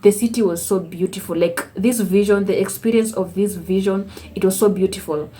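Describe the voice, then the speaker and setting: Brief: Kenyan woman vlogger, mid-pitched, animated testimony storytelling that acts out dialogue. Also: moderate pace. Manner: animated, acts out her conversations with God.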